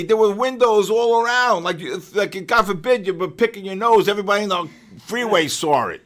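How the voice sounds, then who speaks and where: An older man hosting a live market trading session, mixing chart talk with joking stories and loud exclamations. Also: high-pitched, brisk, hardly any pauses. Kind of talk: live trading commentary and casual chat.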